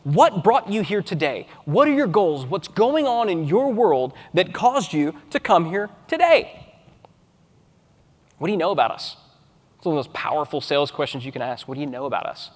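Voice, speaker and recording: A man with a fairly high voice delivers a conference keynote. He speaks in an animated way and acts out example chat messages with a bright upward inflection. The sound carries the long reverb of a large hall. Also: moderate pace.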